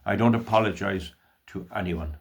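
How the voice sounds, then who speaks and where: An older man from Ireland reciting a poem with slow, emotional, declaiming delivery. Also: sits low, creaky, slight background noise. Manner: slow, emotional, declaiming with long drawn-out phrases. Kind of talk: dramatic poetry recitation.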